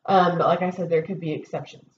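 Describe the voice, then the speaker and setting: A woman's voice: on the low side, fairly even intonation, fast talker. A woman teacher in a classroom, patiently walking her students through a test with many ums and okays. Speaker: Spanish teacher. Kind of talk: recorded test review lesson. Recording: dull roomy recording with faint noise.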